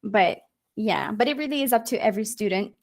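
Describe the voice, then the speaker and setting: A woman with an Australian accent, an English tutor chatting casually on a video call, laughing often and filling pauses with ums. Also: mid-range voice, gravelly, darkish tone.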